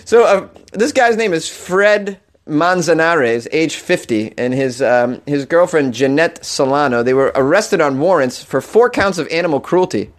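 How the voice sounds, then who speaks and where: Animated man riffing on odd news. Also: fairly high pitch, unhurried, hardly any pauses. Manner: animated, laughing asides, mock outrage. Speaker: comedy news host. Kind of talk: comedic news commentary.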